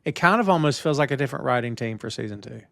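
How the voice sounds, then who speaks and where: Animated, jokey man in casual commentary. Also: very fast, vocal fry, no echo. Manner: jokey, acts out silly voices, big pitch swings. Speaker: podcast co-host.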